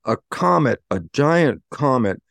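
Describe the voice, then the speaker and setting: A man, a guest in an interview, explaining in an animated way and acting out bits of dialogue. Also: mid-range voice, a little slow, creaky, dry recording. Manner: animated, acts out dialogue in quotes. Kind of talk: conversational explaining.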